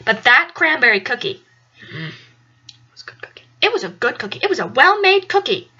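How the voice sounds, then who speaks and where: A woman's voice: high-pitched, very animated, a little fast, pushed and bright, husky, lo-fi sound. A young woman telling a story in a casual, chatty way, rambling and repeating herself for emphasis. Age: young adult. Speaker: vlogger.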